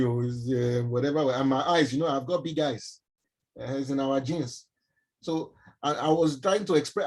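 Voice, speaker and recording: A man with a Nigerian accent gives an animated mentoring talk on a live stream and often asks his listeners questions. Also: medium pitch, moderate pace, low-quality recording. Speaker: mentor speaking to young people.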